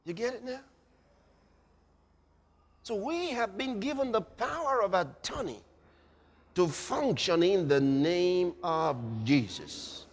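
A man preaching a dramatic sermon, swinging between shouts and hushed, low passages. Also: big pitch swings, slow, pauses often. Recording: long reverb of a large hall.

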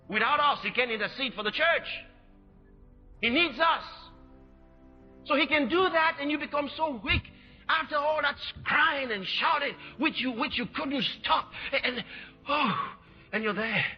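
High-pitched shouting male preacher. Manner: shouting, repeating phrases in bursts. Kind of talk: fiery sermon. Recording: dull lo-fi sermon recording.

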